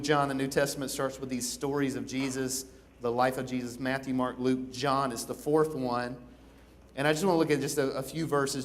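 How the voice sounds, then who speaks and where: A man delivers a sermon in a church with a slightly high voice, talking to the room in a loose, conversational way. He acts out the stories as he reads them and keeps checking in with his listeners. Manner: conversational, repeats "right?" often; animated, acts out begging in a raised voice. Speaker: pastor. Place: church auditorium.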